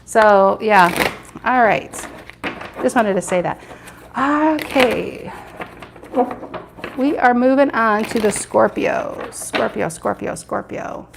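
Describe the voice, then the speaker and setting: Against a noisy background, a woman with a creaky, medium-pitched voice speaks slowly. She's a tarot reader giving a live reading, chatting with viewers and restating her questions while flipping cards.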